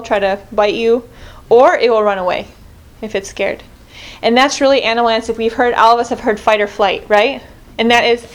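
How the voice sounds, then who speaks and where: Woman, fairly high voice, earnest, leads a prayer group, reflects on scripture, corrects herself often. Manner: earnest, self-correcting, restarts mid-sentence.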